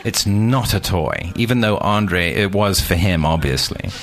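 A man telling a funny anecdote in a casual, animated and self-mocking way, acting out the scenes. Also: sits low, a little slow. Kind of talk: casual storytelling.

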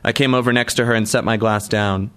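A man reading a novel aloud in a measured storytelling manner. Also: fairly low pitch, steady tone, a bit bright, smooth. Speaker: audiobook narrator. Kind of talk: scripted narration.

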